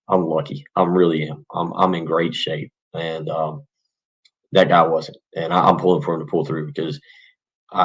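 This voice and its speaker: Very deep husky man. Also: highs cut off. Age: 40s. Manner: earnest, rambling, with many restarts and fillers. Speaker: podcast host. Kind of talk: casual morning podcast talk.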